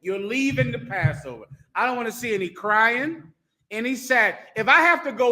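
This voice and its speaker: A stern male preacher delivers a scolding sermon in a high, bright, sharp voice. He is blunt and crude, and he hammers his warnings home. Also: lively intonation, normal speed.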